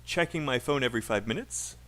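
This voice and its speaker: A British man teaching a live online speaking class, talking to his students through a desk mic. He models sentences slowly in clear chunks with deliberate pauses, repeating words so listeners can copy them. His voice sits in a middling register. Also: mid-range voice, expressive, a bit bright. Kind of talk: livestream speaking lesson.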